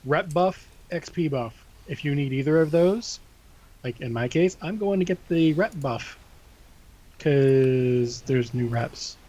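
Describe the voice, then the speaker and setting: A man's voice: a little high, animated, takes it slowly, warm tone. A man co-hosting a gaming podcast, casually running through an event list with loose asides. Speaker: podcast co-host.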